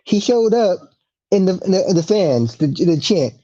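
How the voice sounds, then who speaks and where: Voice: medium pitch, sing-song, unhurried, mellow. A podcast co-host in a chatty, casually swearing conversation. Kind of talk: casual wrestling recap chat. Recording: dull lo-fi recording.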